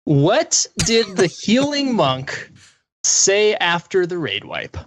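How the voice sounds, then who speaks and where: A man guests on a casual podcast and tells jokes in a hesitant way. He speaks slowly, with lively ups and downs in his pitch. The recording is dry and close. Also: dry recording. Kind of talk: casual chat.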